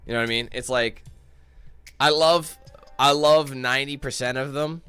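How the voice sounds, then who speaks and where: A man's voice: mid-range voice, moderate pace, bright, forceful tone, clear, resonant tone, dry recording, faint music behind. Tired, candid streamer guy. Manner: candid, rambling, swears a lot. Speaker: YouTube streamer. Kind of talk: casual stream chat to viewers.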